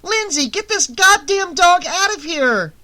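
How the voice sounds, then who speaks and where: A reader voicing a crude, teasing teenage girl in an audiobook, loud and shrill in quick bursts. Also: lively intonation, natural voice. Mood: shrieking. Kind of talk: audiobook character voice.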